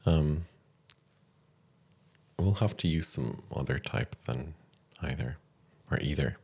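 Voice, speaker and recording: A man thinking aloud to himself as he writes code, low-key and halting, with frequent pauses and fillers. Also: lively intonation, gravelly, a little mellow, breathy edge. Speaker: programmer streaming his coding. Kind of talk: thinking aloud while coding.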